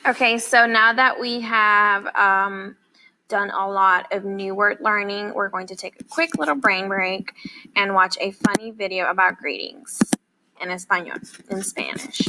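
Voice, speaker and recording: A woman elementary Spanish teacher recording a lesson, explaining calmly and encouragingly, step by step. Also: mid-range voice, unhurried, poor audio.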